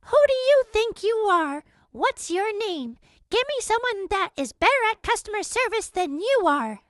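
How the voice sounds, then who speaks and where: A shrill, entitled woman caller screaming demands, voiced by a woman narrator, her pitch leaping high and all over the place. The sound is close and dry. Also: big pitch swings, normal speed, no room sound.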